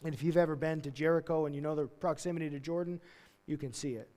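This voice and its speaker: A high-voiced man preaching to his congregation, telling the story with animated, casual energy and slipping into the voices of the characters. His voice carries a long reverb, as if filling a large church hall. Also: fast talker. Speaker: pastor. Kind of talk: sermon. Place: church sanctuary.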